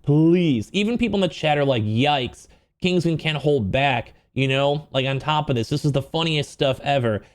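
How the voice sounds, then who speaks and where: A man's voice: on the high side, normal speed. A man hosting casual drama commentary, talking in a rambling, emphatic way full of fillers.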